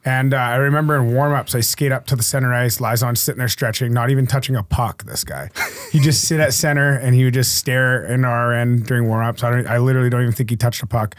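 A man's voice: mid-range voice, fairly even intonation, fast. A man in his thirties, a hockey player guest, telling stories in casual chat and acting out the lines of the people in them. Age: 30s. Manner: laid-back, acts out quoted lines in his stories. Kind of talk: casual storytelling.

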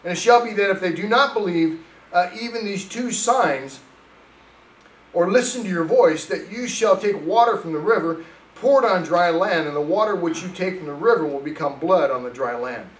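Male pastor, sermon delivery, animated storyteller, roomy church sound. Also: high voice, moderate pace, far from the mic. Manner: animated storytelling, reads scripture aloud. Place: church sanctuary.

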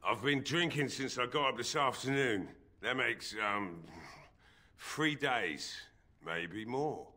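An actor playing a grieving, drunk old blacksmith in a video game, weary and despairing. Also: male voice, mid-range voice, expressive, slow pace, sharp tone, full character voice. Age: older.

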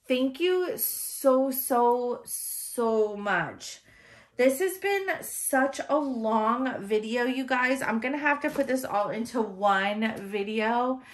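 Woman slowly gushing over gifts, kinda high voice, gasps a lot, teary and thankful. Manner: gushing, gasping, effusive thanks. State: teary-eyed. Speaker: reborn doll artist and channel host. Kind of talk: unboxing vlog chat.

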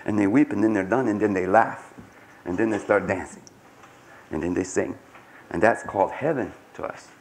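A man speaking at a conference to a live audience, telling stories with great passion, swinging from low murmurs to high cries, in a 1990s archival recording. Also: moderate pace, a little hiss or hum. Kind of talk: storytelling talk to an audience. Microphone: 1990s archival live talk recording.

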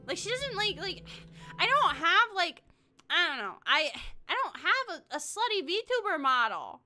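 A woman's voice: very high voice, sing-song, normal speed, sharp tone, soft background music. A woman VTuber streaming a game, chatting crudely with lots of giggles and reading text aloud. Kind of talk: casual livestream chat with reading aloud.

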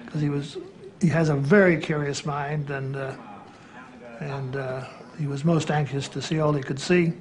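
Male interviewee, higher pitch, flat and hesitant delivery. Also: normal speed. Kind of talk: recalling in an interview.

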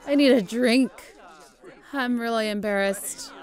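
Unhurried and on the high side, a young woman YouTuber chats her way through a casual let's-play of a life-sim game. She laughs often and narrates herself in a playful, giggly manner.

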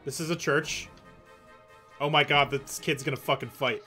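A man playing a video game on a live stream, giggling and cracking jokes as he goes. His voice sits fairly high and bright, with faint music running underneath. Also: fairly even intonation, moderate pace, pauses often. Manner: giggly, joking, reads NPC lines aloud. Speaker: let's-play streamer. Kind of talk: casual game commentary.

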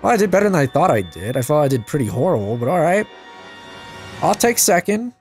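A young man giving casual, self-mocking commentary over his gameplay, his voice jumping high when things go wrong. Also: very animated, brisk, darkish tone. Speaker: gaming channel host. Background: game music and gunfire.

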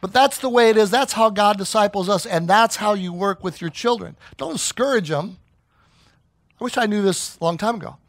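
A man's voice: sits high, a little fast, no room sound. A middle-aged man preaching a sermon as pastor, telling stories and acting out the voices he quotes. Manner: animated storyteller who acts out quoted voices.

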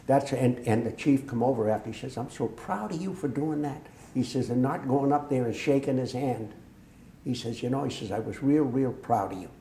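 An older veteran from Massachusetts tells war stories for an oral history interview, acting out quoted dialogue with lively energy. His voice is medium-pitched and a little fast, recorded in an echoey room with slight background noise.

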